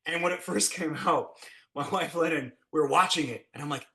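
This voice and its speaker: This is a man chatting through behind-the-scenes stories from his work as a special effects blacksmith. His voice sits a little high and sounds bright and forward. He keeps things lively, and he performs the quotes with big leaps in pitch. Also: brisk. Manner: animated, acts out quotes with big pitch jumps. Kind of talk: casual storytelling.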